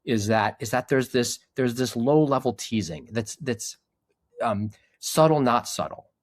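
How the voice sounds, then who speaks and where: An earnest, reflective middle-aged man talking as a podcast guest, often restarting his sentences. His voice sits at an ordinary male pitch. The recording is dry and close, with no room sound. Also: expressive, unhurried, no room sound. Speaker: podcast guest, men's group leader. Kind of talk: casual conversation.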